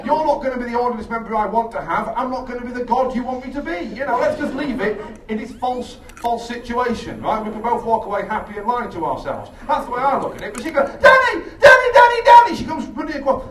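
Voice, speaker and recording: A man doing a rambling, sweary, self-mocking stand-up set on a theatre stage, with bursts of shrill shouted impressions. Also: lively intonation, quick pace, few pauses. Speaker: stand-up comedian. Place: theatre stage with a laughing audience. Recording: echoey live room, distant, audience noise.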